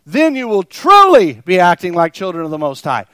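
A man's voice: high voice, wildly swooping pitch, moderate pace, few pauses, a bit bright, clear, resonant tone, no room sound. A pastor preaching a sermon to his congregation, emphatic and repeating phrases for stress, often acting out his listeners' reactions. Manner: plays out imagined listeners' reactions. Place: church service before a congregation.

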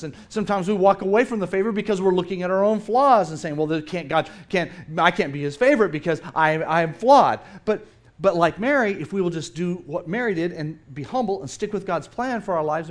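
A middle-aged man preaching a sermon in a church, playful and animated, acting out the people he quotes. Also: fairly high pitch. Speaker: pastor. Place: church sanctuary.

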